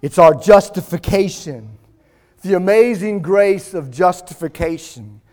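A man preaching a sermon, slow and emphatic, pausing often and rising to shouts. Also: high voice, lively intonation.

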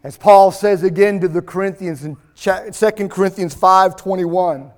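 A man preaching a sermon, slow and emphatic, pausing often and rising to shouts. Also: high voice, steady tone.

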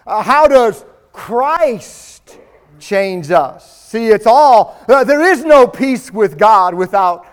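A man's voice: high-pitched, animated, takes it slowly. A male pastor preaching a sermon in a church, building his emphasis as he reads scripture aloud.

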